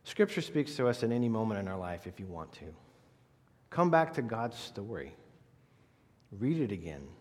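A man's voice: on the low side, big pitch swings, moderate pace, pauses often. A man preaching a sermon, emphatic and full of rhetorical questions aimed at the congregation. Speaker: pastor. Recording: long reverb of a large hall.

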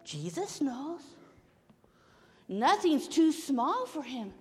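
A woman telling a Bible story to children in church, animated, with hushed whispers. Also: high voice, very slow. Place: church sanctuary. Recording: long hall reverb of a church.

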